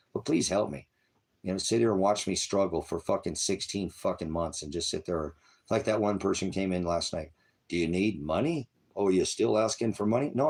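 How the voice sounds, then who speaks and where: Man, livestream preacher, profane angry rant, low husky voice. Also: a little mellow. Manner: profane, aggressive rant, addresses chat viewers. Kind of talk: angry rambling livestream talk.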